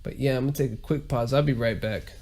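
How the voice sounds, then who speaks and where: A man with a Southern US drawl rants into his podcast mic, complaining and cursing at every turn. His voice sits at an everyday middle pitch. It is loose, unscripted griping. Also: fairly even intonation, quick pace, darkish tone. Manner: profane, ranting, complaining. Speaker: podcast host. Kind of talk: casual ranting monologue.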